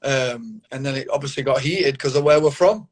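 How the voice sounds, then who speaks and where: A man's voice: medium pitch, moderate pace, slightly rough. A Mancunian man in his thirties, a fighter talking bluntly and confidently in a casual interview, swearing often and calling the host mate, over a phone or video call. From Manchester, England. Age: 30s.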